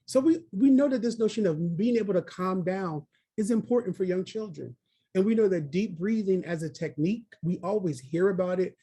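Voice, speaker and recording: Over a video call, a man presents a webinar training early childhood staff, encouraging them and coaxing listeners by name. His voice is high-pitched and dark-toned with a breathy edge, and he speaks fairly quickly.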